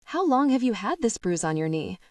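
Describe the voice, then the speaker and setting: A woman voicing a calm, matter-of-fact male paramedic. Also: mid-range voice, brisk, dry recording, clean studio sound, far from the mic, close to an everyday voice.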